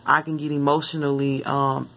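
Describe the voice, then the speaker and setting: Rambling, animated woman telling a dream. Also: moderate pace. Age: adult mother. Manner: rambling and animated, jumping into high-pitched quoted asides. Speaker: spiritual vlogger. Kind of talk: casual storytelling about a dream.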